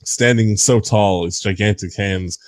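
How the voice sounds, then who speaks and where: A man with a low voice reads aloud in a deadpan, mock-serious way, as if narrating a grim tale. His voice is dry and close, with no room sound. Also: a little slow, dry recording. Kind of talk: dramatic comic reading.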